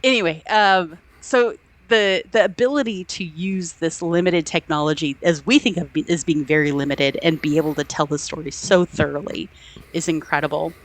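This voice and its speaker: With a deep voice at a moderate pace, a woman co-hosts a podcast of casual film talk. She retells scenes with enthusiasm, acting out quotes and laughing a lot.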